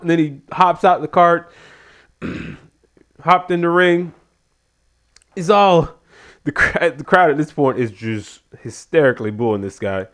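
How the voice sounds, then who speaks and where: A man's voice: high voice, unhurried. A man giving a casual spoken review of a wrestling show, animatedly retelling what happened. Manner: animated retelling, acts out quotes.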